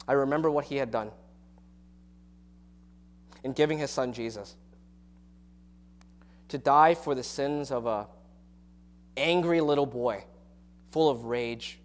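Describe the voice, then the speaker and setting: A man preaching a sermon as pastor of his church, earnest and confessional, often restarting his sentences. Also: mid-range voice.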